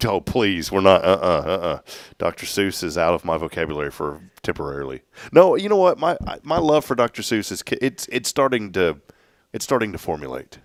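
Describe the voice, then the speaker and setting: A man's voice: sits low, sing-song, fairly quick, dry recording, studio quality. A man co-hosting a morning talk show, joking and rambling with frequent laughs. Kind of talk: casual chat.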